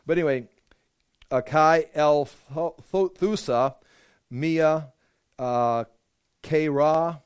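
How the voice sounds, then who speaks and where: A man's voice: mid-range voice, darkish tone, clean tone. A man gives an informal Bible lesson in a mid-range voice. He talks loosely, with fillers and false starts, and reads scripture aloud with emphasis. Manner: conversational, with frequent fillers and restarts. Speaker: Bible teacher.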